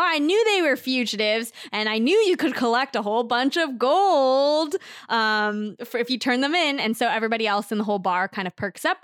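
A young woman co-hosting a casual recap podcast, giggly and animated, jumping up high for quoted lines. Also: smooth, no room sound, studio quality. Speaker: podcast co-host.

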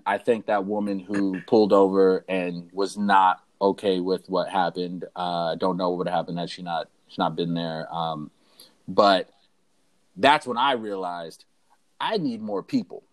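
A young man, co-host of a podcast, telling a story in casual chat and acting out the people in it. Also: sits low. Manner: animated storyteller who acts out the voices of people in his story.

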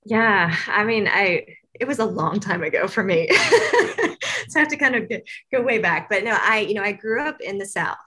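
A woman's voice: mid-range voice, animated, normal speed, bright, forceful tone, breathy edge. A woman from Tennessee answering interview questions as a university staff guest, chatty and rambling with lots of fillers. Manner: chatty, rambling with many fillers, laughs often.

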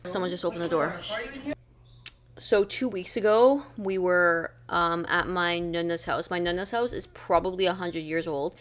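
A woman's voice: on the low side, measured pace. A young woman co-hosting a podcast, telling family stories in a casual, filler-heavy way. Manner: chatty, filler-heavy storytelling. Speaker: podcast co-host. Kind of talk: casual chat.

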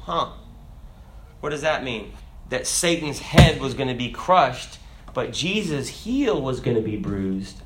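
A man's voice: medium pitch, fairly bright tone. A man preaching a sermon, asking the congregation rhetorical questions and reading scripture aloud.

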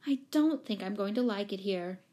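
A woman reading aloud puts on a chatty young girl in a storybook, higher and lively. Her questions rise quickly. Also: dull audio, natural voice. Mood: girlish.

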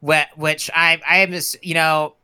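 Casting: man, bright smooth voice, rambling jokey podcast co-host. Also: fairly high pitch, level tone, measured pace. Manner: rambling, joking, full of fillers. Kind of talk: casual comedic movie chat.

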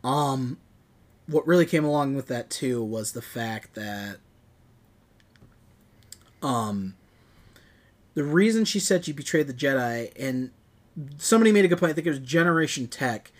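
A man's voice: mid-range voice, animated, a little slow, pauses often. A young man co-hosting a podcast, chatting enthusiastically and rambling with lots of fillers. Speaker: podcast co-host. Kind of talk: casual chat.

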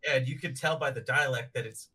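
Husky, bright male co-host; lively, laughing comic-book chatter. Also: medium pitch, brisk, rough recording. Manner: laughing often, animated retellings. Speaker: podcast co-host. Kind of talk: casual chat about comics.

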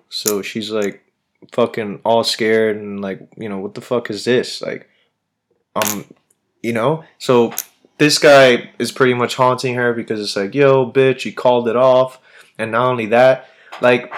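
A man's voice: mid-range voice, fairly bright tone. Rambling, foul-mouthed podcast man. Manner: rambling, swears constantly, slangy. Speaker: podcast host. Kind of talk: casual chat.

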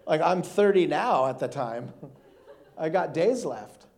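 A man in his thirties, a guest preacher telling a funny, animated personal story in a sermon with frequent laughter. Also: fairly high pitch, a little slow, gravelly.

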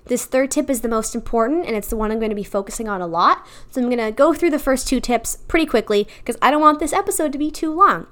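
Young woman podcast host, kinda high voice, earnest faith talk, lots of "like" and "you know". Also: expressive, quick pace, hardly any pauses, a bit bright. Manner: earnest, confessional, many fillers like "like" and "you know".

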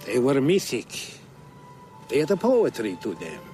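An older horror film star, grandly theatrical and weary of the world, lingering over each word in a Hungarian accent. His pitch swoops up and down expressively, and a film score plays clearly under him. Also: wildly swooping pitch. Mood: scornful. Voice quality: slow, heavily accented, theatrical delivery. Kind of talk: film dialogue. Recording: film clip with score music.

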